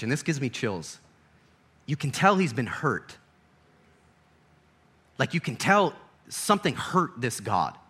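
A young man preaching an animated sermon, swinging from hushed to loud and laughing often. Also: fairly high pitch.

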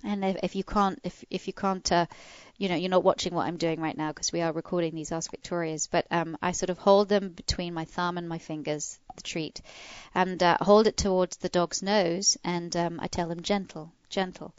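A woman co-hosting a podcast, chatting casually and explaining how to train a dog, acting out soft commands as she goes. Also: moderate pace, few pauses, clear, resonant tone, no room sound, highs cut off. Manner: animated, demonstrates commands in a soft low voice.

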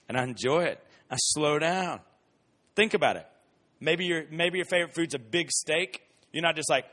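A man gives a casual, conversational Bible lesson, moving between lively everyday examples and slow, emphatic repetition. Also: on the high side. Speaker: Bible teacher. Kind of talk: casual sermon.

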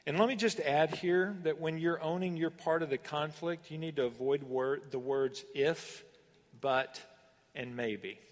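A man preaching a sermon as pastor, animated and emphatic, with sudden rises and pauses. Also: a little high, long reverb tail.

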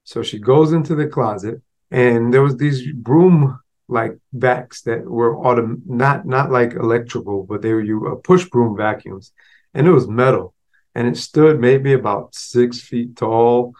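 A man's voice: medium pitch, measured pace, a little mellow. Casual, conversational male podcast host. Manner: casual and conversational, with many asides like "right?" and "you know". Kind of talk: motivational storytelling.

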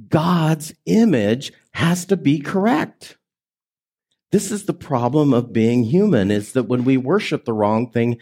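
A man preaching a sermon as pastor, conversational and emphatic, swinging between raised and hushed delivery and drawing the congregation in with questions. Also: mid-range voice, slightly rough. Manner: conversational preaching with audience prompts.

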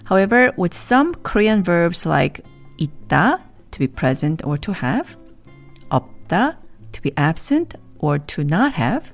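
A woman with a lowish voice teaches a language lesson, explaining grammar in measured, clear scripted narration and repeating example sentences slowly.

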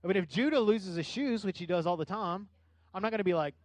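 Middle-aged male pastor, high-pitched, conversational sermon with animated peaks, dry recording. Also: fast, no room sound. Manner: conversational preaching with rising animated bursts.

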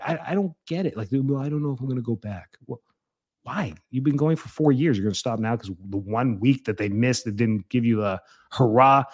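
A middle-aged man giving casual health advice, blunt and animated, mimicking people's excuses and jumping up in pitch when he scolds.

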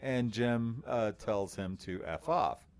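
A man co-hosting a podcast with a baritone voice, telling a long story in a relaxed, rambling way with lots of fillers. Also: takes it slowly. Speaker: podcast co-host. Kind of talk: casual chat.

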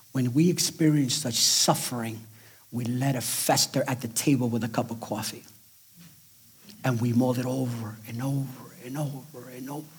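A middle-aged man preaching a sermon with emphatic delivery, sometimes dropping to near-whispers for effect and acting out the voices he quotes. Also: slightly rough. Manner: acts out quoted voices in a raised, excited pitch. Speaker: pastor.

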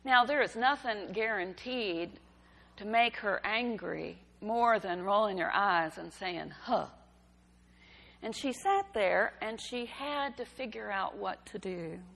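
A woman giving a sermon, telling a story in a gentle, unhurried way. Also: mid-range voice, creaky. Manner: slow, gentle storytelling delivery. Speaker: preacher. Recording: reverberant hall.

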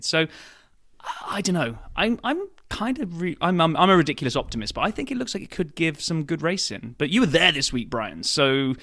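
A man's voice: a little high, very animated, a little fast, bright, forceful tone, no room sound, clean studio sound. A man hosting a podcast in casual chat, upbeat and full of restarts. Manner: upbeat, many fillers and restarts. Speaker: podcast host.

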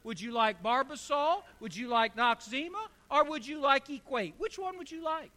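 A woman's voice: a little high, expressive, fast talker, a bit bright. A man voicing his wife, asking fussy, insistent questions about what to buy at the store. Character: helpful wife offering endless choices.

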